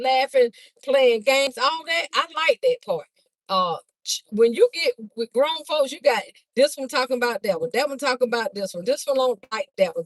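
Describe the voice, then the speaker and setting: A woman's voice: a little high, no room sound, poor audio. Chatty older woman livestreaming from a car. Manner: chatty, folksy, talks straight to viewers. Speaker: livestream host, Easter basket seller. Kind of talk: casual livestream chat with viewers. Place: in a moving car.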